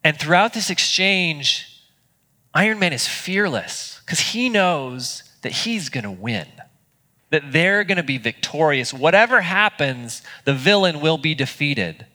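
A man's voice: on the high side, animated, a little slow, bright, forceful tone, in a large hall. A man preaching a sermon as pastor, earnest and conversational, with small restarts. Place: church auditorium.

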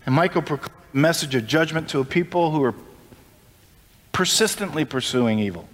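A man's voice: lively intonation, a little fast. Impassioned male preacher in a reverberant hall. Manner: impassioned, rising pitch on emphasis. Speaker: pastor. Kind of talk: sermon.

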